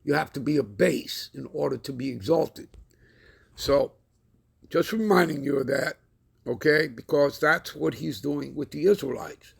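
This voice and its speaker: A man giving a scripture lesson with a deliberate, preacherly emphasis. He keeps checking in with his listeners. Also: a little high, gravelly, breathy edge. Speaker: Bible teacher.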